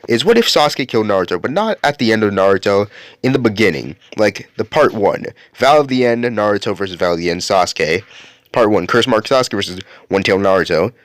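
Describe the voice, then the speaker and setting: Low-voiced casual man narrating fan theories. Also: expressive, a little fast, dry recording. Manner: casual, rambling, with fillers and restarts. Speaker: YouTube host.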